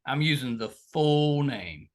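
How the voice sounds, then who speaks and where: A man's voice: medium pitch, slow. A man hosting a podcast, chatting casually and joking with his guest. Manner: lively, joking, laughs easily. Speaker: podcast host. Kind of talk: casual interview chat.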